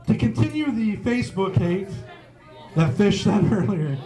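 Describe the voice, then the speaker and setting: A man's voice: sits high, very animated, moderate pace, dark tone, faint music behind, a faint crowd. A man doing a stand-up set on a pub stage, swearing freely and chuckling at his own jokes. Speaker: stand-up comedian. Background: faint live audience.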